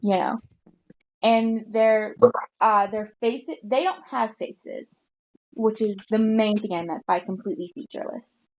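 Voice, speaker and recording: A woman's voice: mid-range voice, a little slow, darkish tone. A woman narrating as game master, casual and full of fillers. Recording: dull lo-fi mic.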